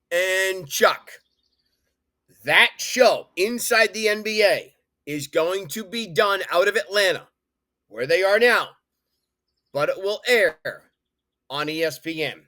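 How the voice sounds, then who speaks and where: Slow, bright-voiced man. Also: high-pitched, dry recording, clean studio sound. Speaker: panelist. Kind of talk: casual podcast chat.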